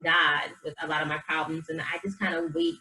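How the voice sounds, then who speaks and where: A woman with a fairly low voice speaks as a guest in a casual interview. She is a life coach, earnest and animated, and she acts out the voices of people in her stories. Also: brisk, poor audio.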